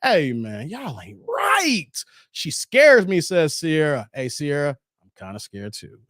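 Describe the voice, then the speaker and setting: A man hosts a casual stream and riffs on viewer comments. His voice sits high and swings widely as he laughs and jokes. The sound is close and dry, with no room around it. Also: takes it slowly, no echo. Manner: animated, laughing, slang-heavy banter. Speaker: host reading viewer comments.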